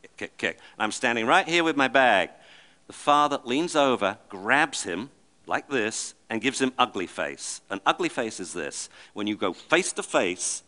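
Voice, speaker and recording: A middle-aged man giving a talk to an audience, telling lively stories and acting out the voices in them. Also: medium pitch, unhurried. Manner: animated, acts out the voices of the people and dogs in his stories. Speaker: speaker giving a public talk.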